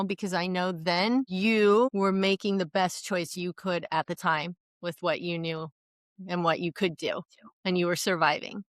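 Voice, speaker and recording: A woman's voice: fairly low pitch, no echo. A middle-aged woman co-hosting a podcast, talking frankly and with a lot of swearing in casual chat. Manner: frank, profane, self-deprecating. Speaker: podcast co-host.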